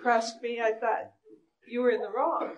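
A woman caller with a slightly high voice speaks haltingly and earnestly, often trailing off mid-thought. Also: fairly even intonation, highs cut off. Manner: hesitant, earnest. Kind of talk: personal confession on air.

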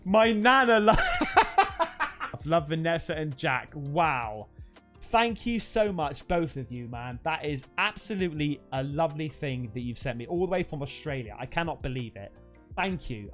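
Excitable man with a lively voice. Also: a little high, normal speed, faint music behind. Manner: excitable, exclamatory, says mate a lot. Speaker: YouTuber opening fan mail. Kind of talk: casual unboxing chat.

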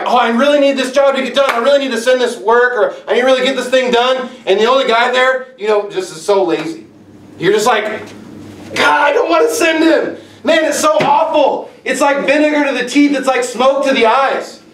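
Young male preacher, high voice, animated storyteller; roomy church sound, slightly off-mic. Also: fairly quick, slight background noise. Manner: animated storytelling with casual asides. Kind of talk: expository sermon. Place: church sanctuary. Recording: echoey room, mic at a distance.

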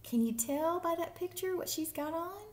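A woman librarian reading picture books aloud for story time, playful and animated with whispered asides. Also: extremely high pitch, normal speed. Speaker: children's librarian.

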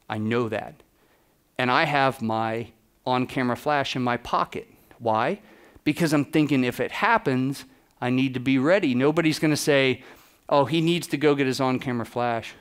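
A man speaking on a conference stage, spinning quick anecdotes and playing out both sides of each exchange. His voice is smooth and clear at an ordinary middle pitch, with an easy storytelling rhythm. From United States. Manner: lively anecdotes, acting out quoted exchanges. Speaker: photographer giving a keynote. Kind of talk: storytelling keynote talk.

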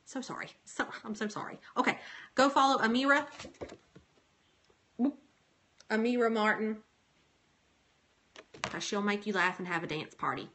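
A woman's voice: mid-range voice, pushed and bright. A woman in her thirties hosting a casual livestream, chatting, joking and rambling with a giggly, self-mocking manner. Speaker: homemaking livestream host.

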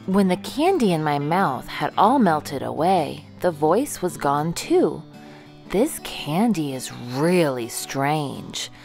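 A woman reading a children's picture book aloud in an expressive storybook manner. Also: sits low, slow, creaky, faint music behind.

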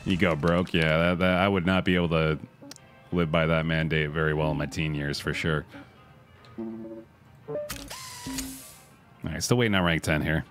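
A man's voice: a bass voice, fairly even intonation, fairly quick, a bit bright, faint music behind. A man streaming a video game from home, laid-back and cursing as he reacts aloud. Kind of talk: casual live-stream gaming commentary.

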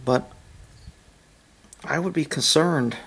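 A man filming his horses outdoors, joking and talking in high baby talk to them. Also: slow pace, creaky, a bit bright, slightly rough. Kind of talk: casual vlog commentary. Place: outdoors at a pasture.

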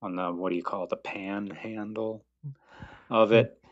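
A man's voice: fairly low pitch, fairly even intonation, normal speed. A man guesting on a podcast as a car reviewer, chatting casually and rambling, often correcting himself mid-sentence. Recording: dull lo-fi audio.

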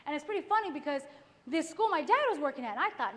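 A woman giving a testimony sermon at a church worship service, telling stories lively and acting out her own past thoughts. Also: high-pitched, quick pace. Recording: echoey live church recording.

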